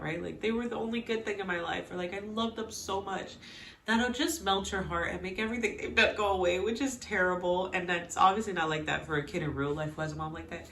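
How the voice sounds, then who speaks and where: A woman casually recapping a TV episode with lively, animated reactions, quoting the characters and laughing often. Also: low-pitched, reverberant, slight background noise. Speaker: recap vlogger.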